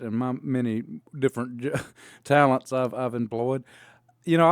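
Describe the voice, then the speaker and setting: Rambling man, smooth dry voice. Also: mid-range voice, no echo. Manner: drawling, rambling with fillers and restarts. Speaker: podcast co-host, wrestler. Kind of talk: casual storytelling.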